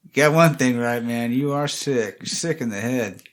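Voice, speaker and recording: A man with a medium-pitched voice sits in on a casual drinking show. He drops dry, wisecracking asides, with faint noise behind him. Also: normal speed. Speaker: podcast regular.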